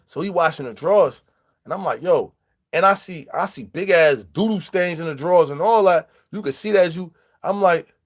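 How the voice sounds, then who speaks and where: A man tells stories in an easygoing vlog. He talks animatedly in street slang, mixing in shout-outs to viewers and acted-out dialogue. His voice sits a touch high. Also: moderate pace. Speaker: vlogger. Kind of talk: casual storytelling vlog.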